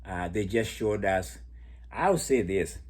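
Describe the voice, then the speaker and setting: A man giving a casual, animated monologue analyzing track races, often laughing as he talks. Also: lowish voice, takes it slowly. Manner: laughs often while talking, animated storytelling. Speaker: athletics commentator.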